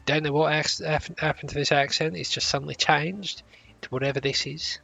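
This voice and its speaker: A man's voice: a little high, fairly even intonation, brisk, gravelly, pushed and bright, breathy edge, soft background music. A man reading game dialogue aloud, making jokey, laid-back asides. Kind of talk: casual game commentary.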